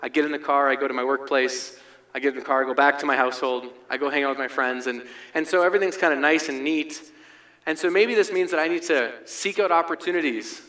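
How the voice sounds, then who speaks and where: Male pastor, sermon, chatty delivery, slightly high register. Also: fast talker, sharp tone. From United States. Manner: conversational, frequent "right?" asides.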